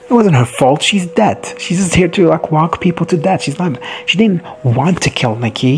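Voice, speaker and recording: A man recapping TV episodes in a gushing, excitable way, swearing casually and laughing often. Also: mid-range voice. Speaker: recap vlogger.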